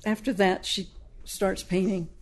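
A woman novelist in a conversational interview, retelling her story's plot in a lively, storytelling way. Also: mid-range voice, a little slow, a little hiss or hum. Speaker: novelist discussing her book. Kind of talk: conversational book discussion.

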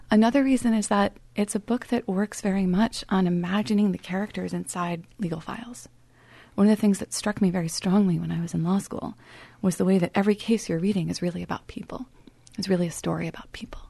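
A woman author who also teaches writing speaks as an interview guest, explaining in a gravelly, mellow, fairly low voice with no echo. Her manner is thoughtful and storytelling, and at grim moments she drops to a soft near-whisper.

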